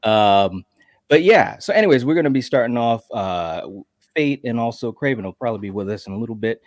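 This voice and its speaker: A man's voice: medium pitch, lively intonation, a little fast, no echo, clean studio sound. A man hosting a casual horror podcast, laid-back and chatty, with many fillers and friendly asides. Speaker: podcast host.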